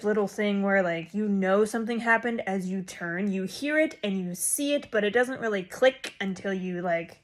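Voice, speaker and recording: A young woman vlogger telling a rambling story casually to a phone camera. She jumps in volume and pitch when she quotes herself. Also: unhurried. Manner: animated and rambling, with sudden loud jumps when quoting herself.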